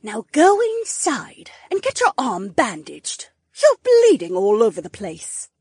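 A woman's voice: a little slow, breathy edge, dry recording, clean studio sound, full character voice. A woman reading an audiobook's dialogue, voicing several characters with wide swings in her voice. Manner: expressive, shifts pitch widely between characters.

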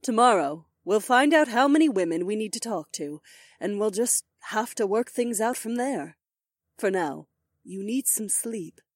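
A man voicing a gentle, loving young wife in an audiobook, speaking softly in a raised voice. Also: sits high, lively intonation, a little slow, dry recording, clean studio sound, voice pushed up. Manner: soft, gentle.

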